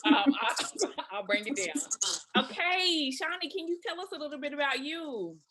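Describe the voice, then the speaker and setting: A woman hosting a panel discussion in a casual, bubbly way, laughing often and throwing in quick asides. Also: high-pitched, lively intonation, over a noisy crowd.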